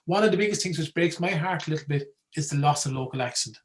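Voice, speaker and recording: A man with a Wexford Irish accent, talking casually as a guest speaker about folklore in an animated, chatty way, often asking "right?". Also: a little high, fast talker, poor audio. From Ireland. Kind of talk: casual talk.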